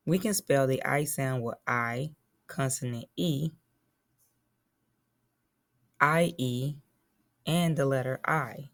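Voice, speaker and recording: A woman's voice: extremely low pitch, a little slow. A woman teacher giving a phonics lesson to young children, patiently spelling and sounding out words.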